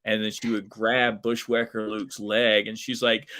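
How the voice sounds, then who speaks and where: A man's voice: fairly low pitch, measured pace, hardly any pauses. A man, a professional wrestler, telling a wild story as a guest in a casual interview with lots of fillers. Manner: animated, chatty, lots of fillers.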